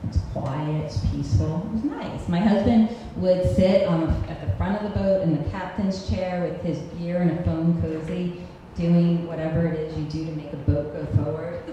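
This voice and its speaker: A woman's voice: deep voice, fairly even intonation, normal speed, few pauses, dark tone. Wry woman telling a story in a hall. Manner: wry, self-mocking, laughs through her lines. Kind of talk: live storytelling performance. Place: cultural center hall, on stage. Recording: echoey live hall recording with faint hiss.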